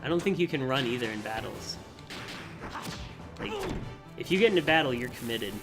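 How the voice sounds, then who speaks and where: A chatty man giving casual, amused gameplay commentary as he streams. His voice sits at a middling pitch, with faint music playing behind him. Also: sing-song, normal speed. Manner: chatty, amused, thinking aloud.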